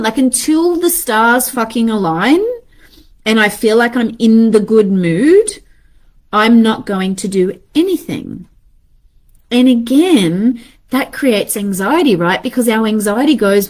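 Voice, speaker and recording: A woman's voice: fairly high pitch, lively intonation, measured pace. A woman in her thirties talking casually and animatedly to viewers about ADHD, swearing freely and acting out her inner voices.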